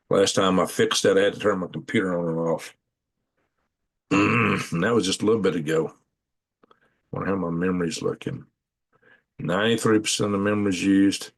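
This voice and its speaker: A man's voice: sits low, moderate pace, creaky, pauses often, slightly rough. A man hosting a casual live stream, rambling in a folksy way and thinking aloud as he clicks through maps at home at night. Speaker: channel host.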